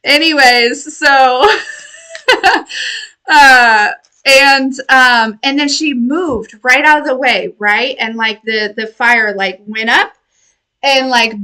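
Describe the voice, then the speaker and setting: A woman with a high, bright voice talks slowly to her viewers, wandering off on tangents and laughing often. She sounds affectionate as she delivers a casual spiritual message as a tarot reader. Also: poor audio. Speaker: tarot reader and intuitive healer.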